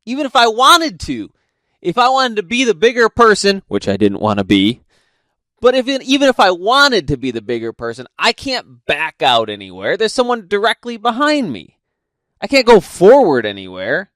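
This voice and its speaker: A man telling a casual story in a profane, laughing, animated way. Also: sits high, normal speed, no echo, clean studio sound. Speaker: host.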